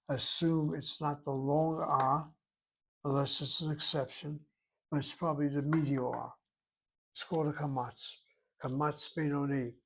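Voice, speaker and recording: A man's voice: a little high, gravelly. An older man teaching a Hebrew lesson, explaining rules methodically and repeating key points as he writes on a board. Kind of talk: classroom lecture at a whiteboard.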